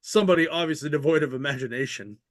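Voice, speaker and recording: A man's voice: a little high, quick pace, dry recording, clean studio sound, lightly acted. Sinestro: a man quoting a scornful alien warlord. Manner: scornful, cutting.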